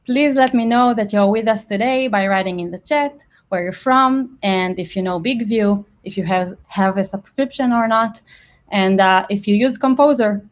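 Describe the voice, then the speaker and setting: Woman, webinar host, friendly, welcoming, medium pitch, video call. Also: moderate pace. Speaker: product marketing manager, webinar host. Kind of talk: live webinar hosting.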